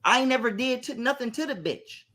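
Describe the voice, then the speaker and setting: A man with a high voice tells a story in loose, profane chat. He talks in an animated, heated way. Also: brisk.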